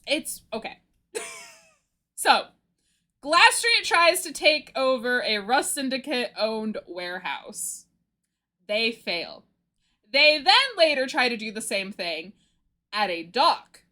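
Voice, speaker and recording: A woman streamer chatting casually on a livestream, telling a rambling, animated story and often giggling. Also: fairly high pitch.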